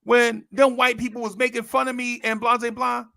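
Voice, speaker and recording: A man voicing a touchy, indignant young woman in a told story, protesting in a shrill, whiny way. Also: little pitch movement, normal speed, creaky, a bit bright, no echo. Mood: accusing.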